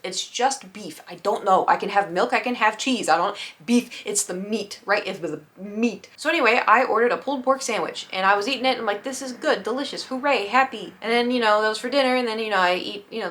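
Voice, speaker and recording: A young woman telling a casual storytime vlog, animated, acting out her own past panic and her friends' lines. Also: mid-range voice. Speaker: vlogger.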